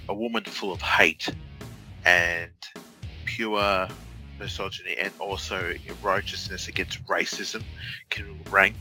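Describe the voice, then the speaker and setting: An Australian man co-hosting a casual podcast, his low voice ringing very bright and forward. He rambles along playfully with plenty of fillers. Faint music sits behind him. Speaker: podcast co-host.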